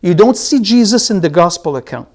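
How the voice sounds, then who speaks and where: Man teaching scripture, loud then hushed. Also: high-pitched, lively intonation. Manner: slows down to spell out and repeat key words; swings between loud emphasis and soft asides. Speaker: Bible teacher. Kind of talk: Bible study teaching.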